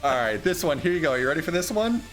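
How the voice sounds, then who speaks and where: A man's voice: a little high, very animated, quick pace, fairly bright tone, soft background music. A man co-hosting a casual comedy news chat, reading headlines aloud and laughing often. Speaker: podcast co-host reading news stories.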